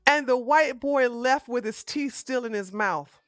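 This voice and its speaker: Man, high voice, slow, dry close sound, incredulous profane reaction commentary. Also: a bit bright, no room sound, faint music behind. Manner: incredulous, profane, repeats himself for emphasis.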